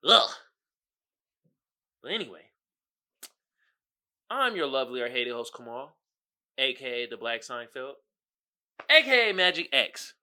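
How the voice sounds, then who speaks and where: A man's voice: mid-range voice, very animated, a little slow, long pauses, pushed and bright. A man hosting his own podcast, talking casually and animatedly, with frequent exclamations and laughter. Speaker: podcast host. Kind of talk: casual solo commentary.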